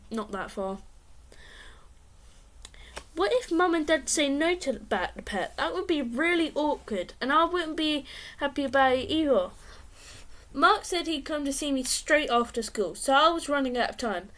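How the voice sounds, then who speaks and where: A woman reads a children's storybook aloud with lively expression. Her voice sits high and bright, and she leans into every turn of the tale. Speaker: reader.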